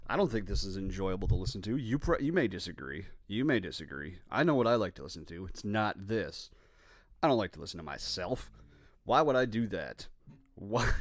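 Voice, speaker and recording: A man's voice: fairly low pitch, dry recording, studio quality. A man from Minnesota hosting a rambling, profane, self-deprecating solo podcast while playing guitar. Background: his own guitar playing.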